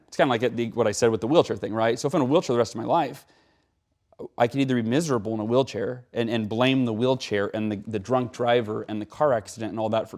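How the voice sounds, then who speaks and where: Guy talking in an interview, lively, keeps saying right?, mid voice. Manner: animated, acts out quotes with rising pitch; frequent "right?" tags. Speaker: guest speaker. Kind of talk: conversational interview.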